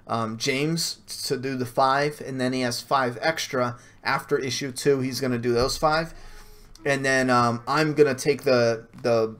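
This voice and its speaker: A man answering viewer questions in a casual stream, blunt and swearing freely, with frequent restarts. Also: medium pitch. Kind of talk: casual Q&A livestream.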